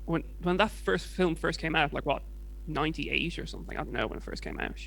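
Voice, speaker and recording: Creaky English man, casual podcast chat. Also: on the high side, animated, fairly quick, fairly bright tone. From England. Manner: rambling, hesitant, swears casually. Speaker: podcast co-host.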